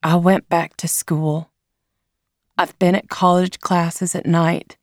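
A woman voicing a gentle, weary middle-aged mother who speaks softly and earnestly in a storybook reading. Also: fairly low pitch, level tone, takes it slowly, dry recording, studio quality.

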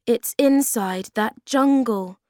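A woman's voice: a little high, slow pace, mellow, no echo, clean studio sound, pitched above the performer's own voice. Woman voicing eager young Moomin Troll.

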